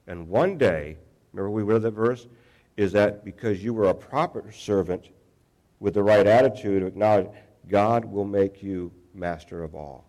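A man's voice: on the low side, darkish tone. A pastor preaching a sermon in a conversational, self-deprecating way, often restarting his sentences.

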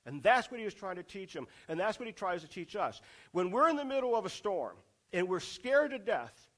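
Male preacher, higher voice, sermon delivery, rhetorical questions, repeats lines for emphasis. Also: big pitch swings, fairly quick.

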